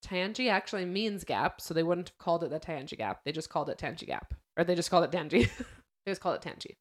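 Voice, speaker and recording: A young woman chats casually as a podcast host, with a fairly low voice. She retells events in a loose, lively way and acts out what people said. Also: fast. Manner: chatty storyteller, acts out quotes.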